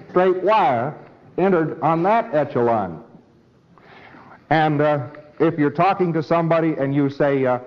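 A man's voice: fairly high pitch, a little slow. Man giving an old recorded lecture. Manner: conversational, acts out both sides of exchanges. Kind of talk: recorded lecture with acted dialogue. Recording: dull old lecture recording with faint hiss.

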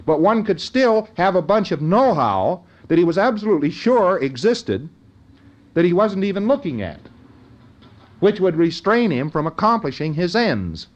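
A man's voice: high voice, sing-song, moderate pace, muffled recording. A man giving an informal lecture in a conversational way, often checking in with his listeners.

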